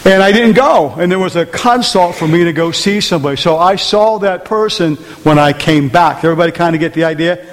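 A man's voice: on the high side, brisk, hardly any pauses, long reverb tail. A man preaching a conversational sermon in church, often asking the congregation rhetorical questions. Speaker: pastor. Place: church hall.

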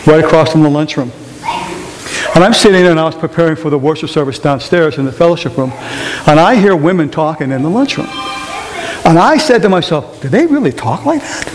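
A male pastor delivers a lively sermon, jumping into high mimicked voices as he tells his stories. His voice sits a little higher than most men's. It rings out through a reverberant church hall over a faint hiss. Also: brisk. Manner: animated storytelling with mimicked voices. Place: church sanctuary.

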